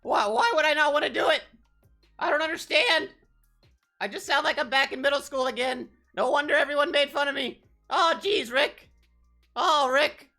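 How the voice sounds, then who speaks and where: A man's voice: extremely high pitch, normal speed, sharp tone, soft background music, pitched above the performer's own voice, heavily acted. A man voicing a nervous, whiny teenage cartoon boy who stammers.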